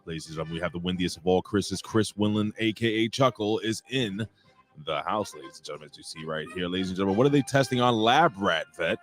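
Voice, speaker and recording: A man's voice: sits low, fast talker, soft background music. A man hosting a casual wrestling podcast, cracking profane jokes and introducing chat friends like a ring announcer. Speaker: podcast host.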